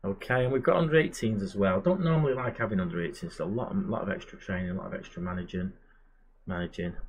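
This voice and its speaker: His voice sits low and moves quickly, with a little hiss or hum in the recording. As a gamer and channel host playing a management game, he chats casually and mutters asides to himself.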